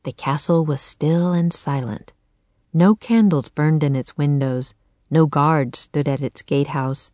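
A woman with a low voice narrates a children's chapter book in a calm, even manner. She is close to the mic in a dry studio recording. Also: a little slow, no room sound. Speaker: audiobook narrator. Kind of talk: scripted narration.

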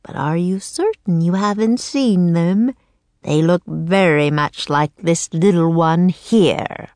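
A woman doing a raspy, mocking half-bird king. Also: fairly low pitch, darkish tone, no room sound. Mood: menacing. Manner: slow, drawn-out, mocking.

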